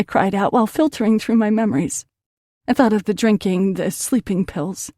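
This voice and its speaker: A woman's voice: mid-range voice, moderate pace, warm tone, dry recording, clean studio sound. A woman narrating an audiobook in an emotional first-person reading.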